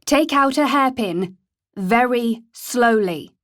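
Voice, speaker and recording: A woman's voice: medium pitch, brisk, no room sound, clean studio sound, close to an everyday voice. Woman playing a curt stern policewoman. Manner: curt, commanding. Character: brisk stern female police officer.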